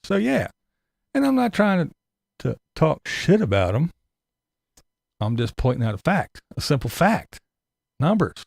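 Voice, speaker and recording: Male commentator, gravelly and sarcastic, swearing, pitch swinging widely, dry close sound. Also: very animated, measured pace, long pauses, darkish tone, no echo. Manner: profane, sarcastic, mocking. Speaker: YouTube commentator. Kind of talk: ranting commentary.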